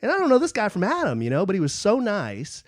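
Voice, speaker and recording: A man co-hosting a casual chat podcast, telling animated stories about a trip. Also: high-pitched, fast, dry recording, studio quality. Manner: storytelling, animated when recounting. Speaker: podcast co-host.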